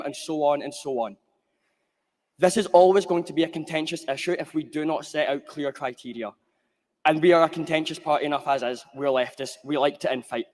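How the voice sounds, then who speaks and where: A Scottish man argues his point to a conference in a steady, earnest way. His voice sits a little high. Long hall reverb follows each phrase. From Glasgow, Scotland. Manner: earnest, measured argument. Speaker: conference speaker. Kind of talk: prepared floor speech.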